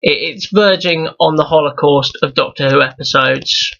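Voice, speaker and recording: A man's voice: a little high, moderate pace, creaky, bright, forceful tone, muffled recording. A young man ranting in a profane, rambling review vlog, exasperated and full of restarts. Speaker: YouTube reviewer.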